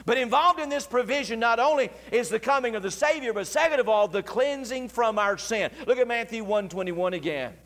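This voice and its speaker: A male pastor delivering a fervent sermon to his congregation, slowing down and drawing out key phrases for emphasis. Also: very high-pitched, fairly bright tone. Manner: fervent preaching, slows down and stretches key phrases. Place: church sanctuary. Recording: church archive recording with long hall reverb.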